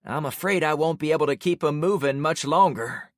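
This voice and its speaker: Old lady in a wheelchair, weary and folksy, higher voice, read by a male narrator, audiobook. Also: a little fast, no room sound, studio quality, close to an everyday voice. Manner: folksy drawl, weary and gentle. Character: frail old woman in a wheelchair, resigned.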